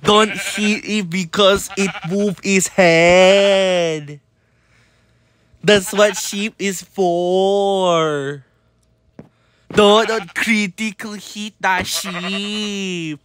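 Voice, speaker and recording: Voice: medium pitch, fairly even intonation, drawn-out words, fairly bright tone, dry recording. A narrator of a comedy video giving repetitive scolding commentary over gameplay, repeating the same warnings over and over.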